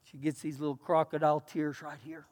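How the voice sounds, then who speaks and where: High-voiced Texan pastor in a big reverberant hall. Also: male voice, fairly quick. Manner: animated, folksy and self-mocking. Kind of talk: storytelling sermon. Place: church sanctuary.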